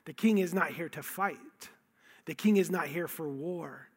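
A man's voice: on the high side, measured pace, husky. A man preaching a sermon, telling the story with emphasis and repeating key phrases. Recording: long hall reverb.

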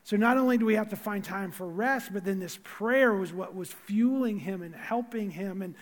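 A male pastor preaching a sermon in a church auditorium, telling stories in an animated way with many restarts and asides. His voice sits high for a man. A long reverb from the hall hangs on every phrase. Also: moderate pace.

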